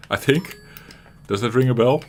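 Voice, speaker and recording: A retro gaming channel host with a medium-pitched voice and a Dutch accent from the Netherlands rambles his way through casual commentary on a game. He's chatty, laughs often, and repeatedly restarts what he's saying. A little hiss or hum runs through the audio.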